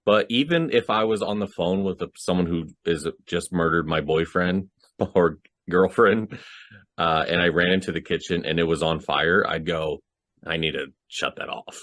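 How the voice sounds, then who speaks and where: Podcast co-host, male, very low voice, dry sound, animated and fond of acting out lines. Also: moderate pace, dry recording. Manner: animated, acts out quoted lines. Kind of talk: casual movie chat.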